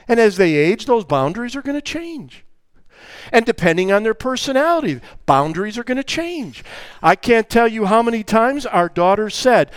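Older man, preacher, sermon, high lively voice, dry close sound. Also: dry recording. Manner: animated, emphatic, acts out family dialogues.

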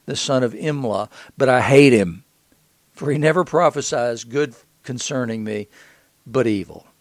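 A resentful, commanding king, as a man reads him out, forceful and irritated. His voice has a gravelly rasp. The recording is dry and close. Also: medium pitch, measured pace, no room sound, natural voice.

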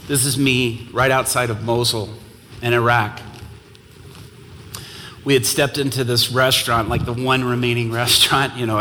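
Male guest preacher, bright and forceful, impassioned sermon storytelling, long hall reverb. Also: medium pitch, slight background noise. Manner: impassioned, builds to loud exhortation.

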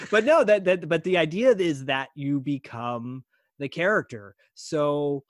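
A man talking as a guest voice actor on a podcast, easygoing and quick to laugh, often restarting his sentences. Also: on the high side, lively intonation, dry recording, studio quality. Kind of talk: casual podcast chat.

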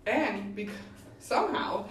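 A woman's voice: mid-range voice, expressive, slow, a little hiss or hum. Easygoing woman podcast co-host. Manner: easygoing, laughs along. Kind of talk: casual chat. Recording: roomy, distant mic, faint ambience.

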